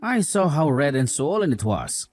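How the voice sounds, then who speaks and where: A man's voice: fairly high pitch, very animated, moderate pace, a little mellow, dry recording, studio quality, soft background music. A man playing a scornful, mother-obsessed husband. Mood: scolding. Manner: scolding, contemptuous. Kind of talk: voiced drama story.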